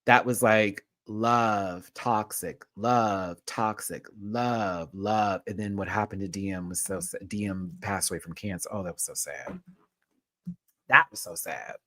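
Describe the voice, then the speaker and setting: A man hosting a casual livestream, talking in a sassy, slangy way that swings from hushed asides to loud, emphatic pleas. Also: on the low side, measured pace, no echo. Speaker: host.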